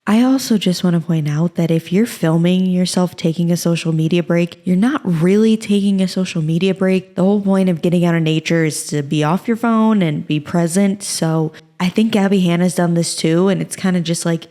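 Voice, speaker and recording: A woman's voice: lowish voice, normal speed, hardly any pauses, dark tone. A woman making dry, wry remarks in casual commentary.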